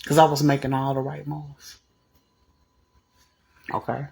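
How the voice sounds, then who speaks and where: A woman casually telling a personal story to camera, animated and blunt, cussing freely and jumping into the voices of the people she quotes. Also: low-pitched, measured pace, gravelly. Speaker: vlogger.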